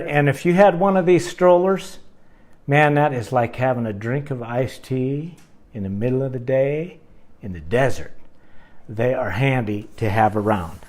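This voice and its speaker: A man telling a rambling, animated story to his camera in a casual vlog. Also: mid-range voice. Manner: animated, rambling, with fillers and asides.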